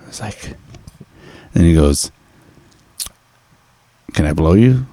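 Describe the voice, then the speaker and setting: A man's voice: low voice, lively intonation, slow pace, dark tone. A man casually telling a story with loose, profane phrasing and lots of fillers.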